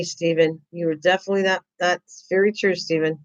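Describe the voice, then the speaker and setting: A woman hosting a crafting livestream, chatting with her viewers in an excitable, rambling way and often repeating herself. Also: lowish voice, a little fast. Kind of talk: casual chat reading viewer comments. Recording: dull lo-fi livestream audio.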